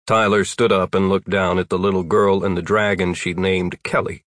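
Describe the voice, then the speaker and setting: A man narrates a storybook with a wry, even delivery in a low voice. He is recorded close on a dry studio mic. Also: normal speed, hardly any pauses, no echo. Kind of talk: audiobook narration.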